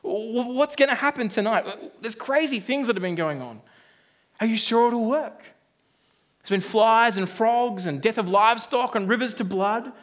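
A man's voice: very high voice, normal speed, fairly bright tone. A man voicing an anxious father who keeps asking fretful, pleading questions. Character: jumpy anxious father on a dangerous night.

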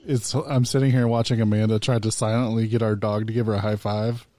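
A man co-hosting a casual podcast, cracking goofy jokes with a mock-deadpan manner. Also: fairly low pitch, fairly quick. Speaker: podcast co-host.

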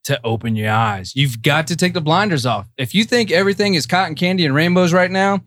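A man's voice: a little fast, a bit bright, no room sound, clean studio sound. A man co-hosting a podcast, bantering casually and pushing listeners to share the show. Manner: laughing, pushy promo pitch. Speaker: podcast co-host.

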